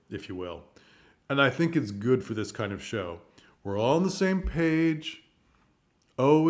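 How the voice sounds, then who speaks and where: A man talking casually to camera as a theater commentator, chatty and chuckling between points. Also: medium pitch.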